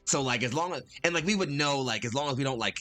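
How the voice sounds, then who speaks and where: A man's voice: medium pitch, lively intonation, fast talker, bright, forceful tone. A man playing a tabletop role-playing game, hesitantly laying out his reasoning with many fillers. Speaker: player. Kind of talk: casual chat in a tabletop game.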